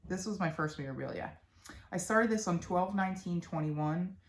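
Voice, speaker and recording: A young woman with a Philadelphia accent talks in a low voice, rambling casually through her crafting projects. She trails off and restarts often, with plenty of ums along the way. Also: moderate pace. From Philadelphia, USA. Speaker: cross-stitch vlogger.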